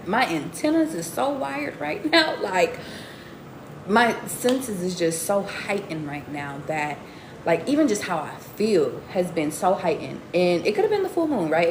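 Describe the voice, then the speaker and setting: Animated slangy woman reading tarot live. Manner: animated and slangy, jumps into high excited exclamations. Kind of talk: casual live-stream reading to viewers. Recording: roomy echo with faint background noise.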